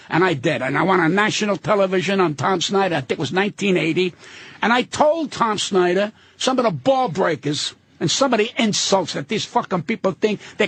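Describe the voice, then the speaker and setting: Older guy ranting loud and profane, high husky voice, pitch jumps all over. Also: a little hiss or hum. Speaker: guest comedian. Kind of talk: casual radio interview.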